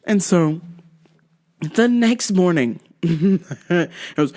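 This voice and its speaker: A woman's voice: lowish voice, animated, slow pace, pauses often, darkish tone. A woman podcast host telling a comic story, profane and exasperated.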